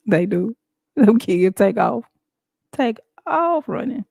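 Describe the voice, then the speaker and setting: A woman hosting a show, talking in a casual, animated and emphatic way with frequent laughs. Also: mid-range voice, very slow, vocal fry, husky, no room sound. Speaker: show host. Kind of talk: casual talk-show monologue.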